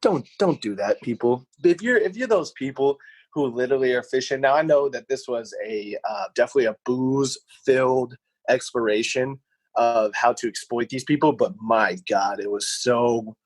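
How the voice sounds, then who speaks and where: A man's voice: medium pitch, normal speed, breathy edge, no echo, rough recording. A man co-hosting a podcast, telling stories in a casual chat, rambling and repeating words as he goes. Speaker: podcast co-host.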